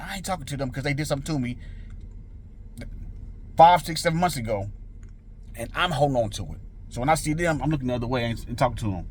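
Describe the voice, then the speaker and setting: A man's voice: a little high, expressive, fast, a little hiss or hum. A man in his forties hosting a motivational channel, talking earnestly and informally about letting go of emotions. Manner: earnest, repetitive, informal slang. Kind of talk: casual motivational monologue.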